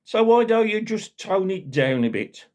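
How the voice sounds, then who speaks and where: Bloke playing a fed-up black country grandad, shouty and high, blunt. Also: male voice, big pitch swings, unhurried. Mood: exasperated. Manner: blunt, exasperated. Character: old Black Country grandad losing his patience.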